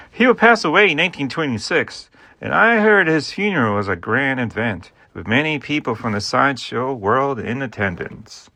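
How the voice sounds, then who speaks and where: A man's voice: mid-range voice, gravelly. A man telling a humorous historical story, with playful asides and jokes about his own mistakes. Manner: jokey asides, playful and animated.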